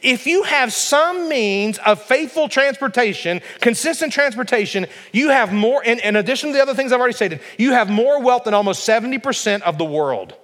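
A man's voice: extremely high pitch, expressive, a little fast, few pauses, a bit bright. A man preaching a sermon to his congregation, emphatic and full of rhetorical questions. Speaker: pastor. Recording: long reverb of a large hall.

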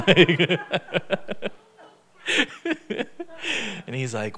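A man's voice: lowish voice, a little slow, pauses often. Chatty man leading a Bible study. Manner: chatty, laughs often, retells stories in lively quoted dialogue. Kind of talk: casual Bible study teaching.

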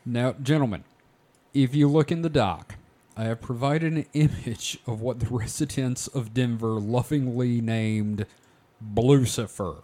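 A man's voice: medium pitch, moderate pace, mellow. A man hosting a podcast, telling the story in a casual way and swearing freely. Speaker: podcast host presenting the topic.

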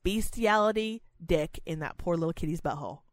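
Profane, animated woman podcast co-host. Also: fairly low pitch, brisk, no room sound, studio quality. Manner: profane, animated storytelling, loud put-on quotes. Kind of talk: casual comedic chat.

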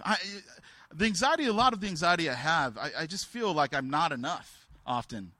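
Preaching through his own stories, this man speaks openly but haltingly, restarting often and getting louder when he voices the characters. His pitch is fairly high, his tone sharp and expressive, and there's no room sound.

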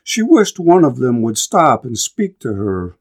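A man reading a novel aloud and then commenting on it as a lecturer, in a measured, thoughtful way. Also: medium pitch, sing-song, a little mellow. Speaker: literature lecturer.

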